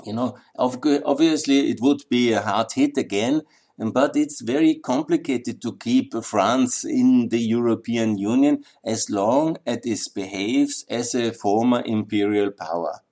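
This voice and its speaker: Guy ranting his political take, mid-pitched voice, hammers points home by repeating them. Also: measured pace, darkish tone. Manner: emphatic, repeats points for weight. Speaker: political commentator. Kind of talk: opinion monologue.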